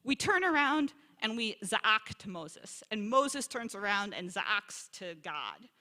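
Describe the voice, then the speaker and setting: A woman giving a lively, conversational Bible teaching talk as a visiting scholar, acting out quoted complaints along the way. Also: mid-range voice, slow. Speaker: scholar in residence lecturer. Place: congregation sanctuary or hall. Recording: long reverb of a large hall.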